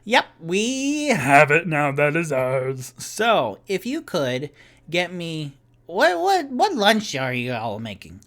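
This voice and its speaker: A man voicing a loud, drunk male adventurer with elephant ears, who shouts and sings in a high, exaggerated voice and talks about himself in the third person in a solo tabletop game. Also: big pitch swings, slow pace, full character voice. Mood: boisterous.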